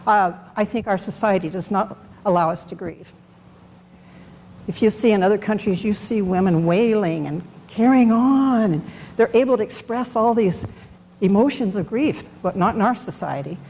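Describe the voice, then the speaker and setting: A woman's voice: medium pitch, normal speed, a little mellow. Middle-aged woman talking frankly at a bible study, unscripted, echoey hall with a bit of hiss. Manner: candid, conversational, unscripted. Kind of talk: personal testimony. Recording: long hall reverb, faint background noise.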